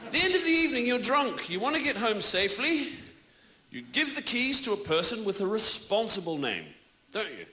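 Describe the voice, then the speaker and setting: A New Zealand-accented man in his forties works a live crowd with a bouncy, high-pitched delivery and lots of swoops in his voice. He sounds wry and mock-indignant, often laughing along with himself. His voice echoes around the club room, over a steady noise. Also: fairly quick. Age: 40s. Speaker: stand-up comedian. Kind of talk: stand-up comedy set. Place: comedy club stage before a live audience.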